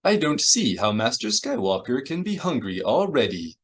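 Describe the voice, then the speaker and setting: A man's voice: on the low side, big pitch swings, moderate pace, husky. A man voicing a fussy, prim male protocol droid in an audiobook, with a prissy, precise, formal way of speaking. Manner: polite, formal, fretful.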